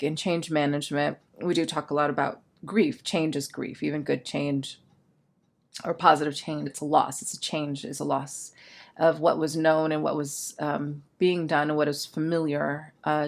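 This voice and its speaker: A woman's voice: sits low, fairly even intonation, normal speed, vocal fry. A woman talking as a change management coach in a candid, self-reflective personal vlog, thinking aloud.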